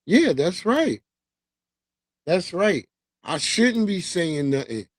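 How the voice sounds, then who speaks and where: A man's voice: high-pitched, big pitch swings, takes it slowly, dry recording. A man hosting a livestream, talking in a loose, profane, slangy way and laughing as he tells stories. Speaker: livestream host. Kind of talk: casual commentary monologue.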